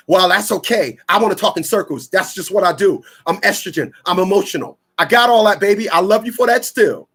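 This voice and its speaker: Blunt husky-voiced New man. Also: high voice, expressive, normal speed, a bit bright. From Newark, New Jersey. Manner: blunt, preachy, rambling, slangy. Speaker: radio show host. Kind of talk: animated radio talk monologue.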